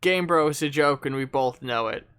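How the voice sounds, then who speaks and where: Man voicing a nerdy teen boy, webcomic chat read aloud, snarky, bright, smooth. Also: fairly high pitch, normal speed, lightly acted. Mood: wry.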